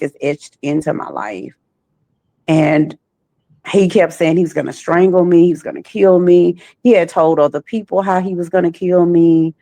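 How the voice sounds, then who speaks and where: Gravelly low-voiced woman telling her story. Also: warm tone, no echo. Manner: slow, halting, repeats phrases. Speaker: trafficking survivor guest. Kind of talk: personal testimony.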